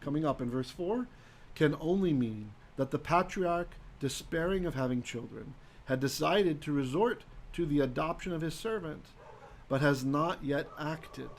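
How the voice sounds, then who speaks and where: A man with a fairly high voice teaches a Hebrew Bible lesson over a live stream, keeping it conversational and often asking "right?" He reads Hebrew verses slowly aloud, with slight background noise behind him.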